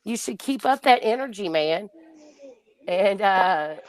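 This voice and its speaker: A woman's voice: mid-range voice, animated, takes it slowly, low-quality recording. A woman chatting casually in an online voice chat, rambling with many fillers. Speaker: guest on a live audio chat.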